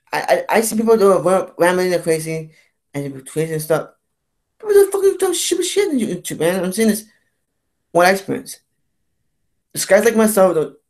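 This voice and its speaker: A man's voice: high voice, darkish tone. Rambling, cursing man ranting on camera. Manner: profane, repetitive, keeps saying "you know what I'm saying"; halting, with restarts and stammers. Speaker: vlogger.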